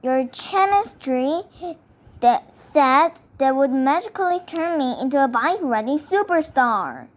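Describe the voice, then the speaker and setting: A woman's voice: high-pitched, expressive, unhurried. A woman voicing an anxious first-grade boy who whines and doubts himself. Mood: doubtful. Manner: whining, doubtful.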